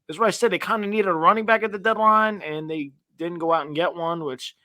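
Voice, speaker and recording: A young man co-hosting a sports podcast, ranting in an animated way with a voice that climbs higher when he gets fired up. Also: a little fast, no room sound. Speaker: podcast co-host. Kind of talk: casual sports chat.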